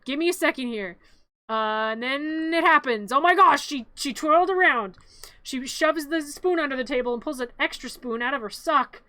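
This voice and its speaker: A woman's voice: sits high, normal speed, bright, forceful tone, no echo. A woman streamer narrating a cartoon in a playful, rambling, giggly way, often correcting herself.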